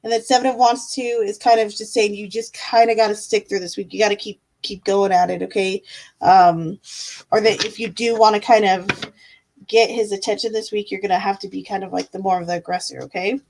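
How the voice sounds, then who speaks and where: A woman hosting a live-stream tarot reading, chatting casually and affectionately with viewers and often filling pauses with "um" and "like.". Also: mid-range voice, steady tone, a little mellow, low-quality recording.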